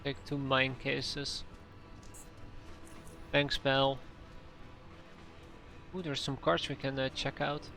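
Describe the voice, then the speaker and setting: A man's voice: medium pitch, flat delivery, slow pace, gravelly, long pauses, sharp tone, soft background music. A man streaming a role-playing game, reading the on-screen text aloud with wry, sighing remarks.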